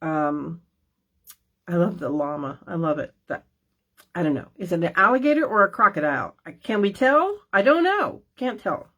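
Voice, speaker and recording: A woman's voice: lowish voice, lively intonation, moderate pace, fairly bright tone. Chatty folksy woman demonstrating crafts. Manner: chatty and folksy, many ums and asides. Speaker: stamping demonstrator hosting a class. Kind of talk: casual craft show-and-tell.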